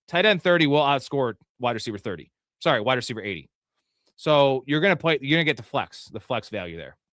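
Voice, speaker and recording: A man hosting a live fantasy football stream, reacting to a draft pick by pick with frequent swearing and sudden yelled outbursts. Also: medium pitch, no echo, clean studio sound. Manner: profane, frustrated, outbursts of yelling.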